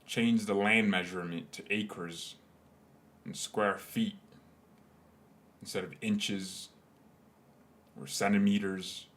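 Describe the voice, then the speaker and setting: Low-voiced joking man. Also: fairly even intonation, slow, pauses often, a bit bright. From United States. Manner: joking, rambling banter. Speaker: fan channel host. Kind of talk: live match watchalong commentary.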